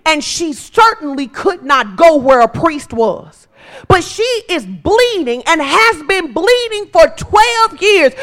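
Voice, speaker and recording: A woman pastor preaching a sermon in a church, impassioned and repetitive, rising to shouts. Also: extremely high pitch, lively intonation, a little slow.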